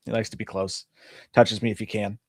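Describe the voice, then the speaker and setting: A man's voice: fairly low pitch, little pitch movement, fairly quick, no room sound, studio quality. A man in his thirties co-hosting a casual live-stream chat show, rambling through stories and swearing freely. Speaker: podcast co-host.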